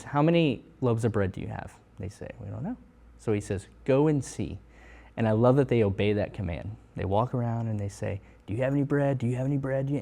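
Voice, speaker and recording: A man speaking on a faith panel, his voice sitting at an ordinary middle pitch. He tells a Bible story earnestly and slips into the disciples' worried voices as he goes. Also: darkish tone.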